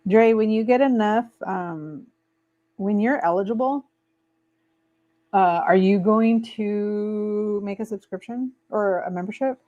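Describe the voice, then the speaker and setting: A woman's voice: mid-range voice, slow. A woman hosting a casual live stream, chatting lazily while she crafts and reads viewer comments aloud. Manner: relaxed and lazy, trailing off with fillers. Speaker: livestream host. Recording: dull lo-fi stream audio.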